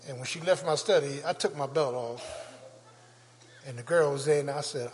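An older male pastor preaching a sermon with call-and-response, building to shouts. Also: fairly high pitch, lively intonation, normal speed. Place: church sanctuary. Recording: long church reverb.

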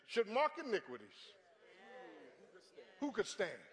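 A middle-aged man preaching a sermon as pastor, animated with sudden shouted peaks. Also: high-pitched, fast, pauses often. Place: large church sanctuary. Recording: church hall with long reverb.

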